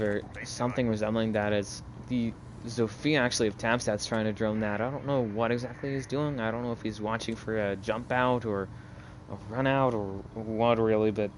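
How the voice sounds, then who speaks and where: A man's voice: on the low side, a little hiss or hum. Man casting a game over gunfire. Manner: casual, rambling, chats with viewers between plays. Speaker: solo esports caster. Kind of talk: live esports play-by-play commentary.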